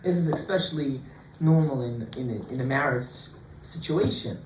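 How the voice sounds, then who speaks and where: A man, a rabbi, giving an informal Torah class to students, lively and joking, full of rhetorical questions. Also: medium pitch, normal speed. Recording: echoey room, distant mic, faint hiss.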